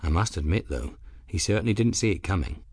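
A man reading an audiobook, voicing a calm, protective gentleman who speaks in a refined, wordy way. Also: deep voice, brisk, breathy edge, no echo, clean studio sound.

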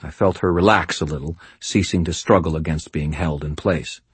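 Deep-voiced man narrating an audiobook. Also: husky, dry recording. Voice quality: wry, measured first-person telling. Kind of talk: first-person fantasy audiobook narration.

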